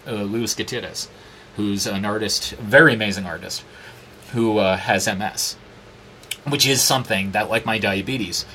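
Bright-voiced, profane male storyteller. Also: lowish voice, a little hiss or hum. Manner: profane, animated, acts out quoted dialogue. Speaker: interview guest. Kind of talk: candid storytelling conversation.

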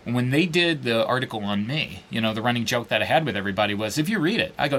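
A man's voice: medium pitch, lively intonation, fast talker, hardly any pauses, fairly bright tone. A man, a blogger, talking casually and bluntly, swearing and mimicking others in a mocking voice. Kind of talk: animated casual talk.

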